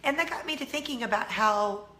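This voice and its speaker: A woman's voice: a little high, fairly quick, sharp tone, reverberant. A middle-aged American woman hosting a casual chatty vlog, bubbly and self-teasing, laughing often. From United States. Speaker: vlog host.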